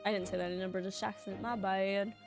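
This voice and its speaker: A woman's voice: mid-range voice, little pitch movement, very fast, creaky. A young woman streaming a video game, reading its dialogue aloud in character and breaking off to react. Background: game music.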